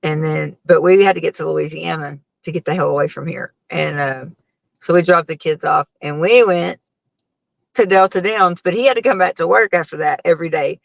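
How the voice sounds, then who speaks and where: A middle-aged woman talks in a loose, rambling way to her viewers, her speech full of fillers. Her voice has a gravelly edge. It sounds dry and close, with no room echo. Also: deep voice, fairly quick. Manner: rambling, chatty storytelling with many fillers. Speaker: host. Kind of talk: casual live chat with viewers.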